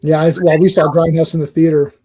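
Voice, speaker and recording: A man's voice: fairly high pitch, flat delivery, fast, mellow, breathy edge. A middle-aged man hosting a casual movie chat, rambling with restarts and laughs, acting out quotes.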